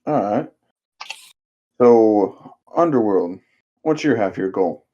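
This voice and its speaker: Guy hosting a chill podcast, low mellow voice, kinda dull lo-fi mic. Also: lively intonation, takes it slowly. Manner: laughs often, asks guests questions. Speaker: podcast host. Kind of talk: casual chat.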